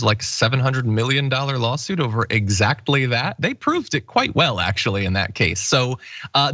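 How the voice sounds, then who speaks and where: A man's voice: medium pitch, pushed and bright, no room sound, lo-fi sound. A male host giving sarcastic, emphatic political commentary.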